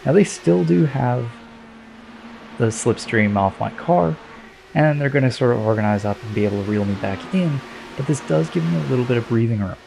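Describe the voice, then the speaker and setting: Gravelly man commentating his sim race. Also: mid-range voice, animated, moderate pace, background noise. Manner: chatty, self-deprecating, laughs often.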